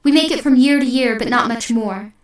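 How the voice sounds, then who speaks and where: A woman's voice: on the high side, fairly quick, lightly acted. A woman voicing a worried male villager who earnestly questions the plan. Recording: echoey room, distant mic.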